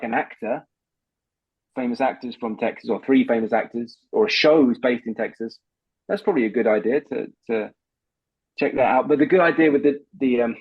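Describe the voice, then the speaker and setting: A voice coach with a husky, mid-range voice patiently guides a guest through voice exercises over a video call. He's instructive and repeats words when starting, and the sound is lo-fi.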